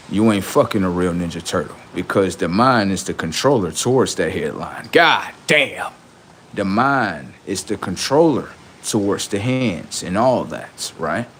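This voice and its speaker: A man's voice: deep voice, lively intonation, measured pace, a bit bright, slight background noise. A man hosting a livestream, delivering a boastful, heavily profane rant that taunts the people he is mocking. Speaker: livestream host.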